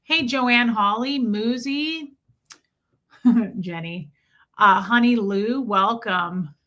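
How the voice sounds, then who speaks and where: This is a young adult woman chatting casually on a livestream from her home. Her voice sits a little high and sounds bright and forward. She talks in a loose, friendly way and often calls her viewers "babe" and "girl.". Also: drawn-out words, highs cut off. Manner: chatty, warm greetings, frequent laughs. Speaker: livestream host. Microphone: streaming setup mic.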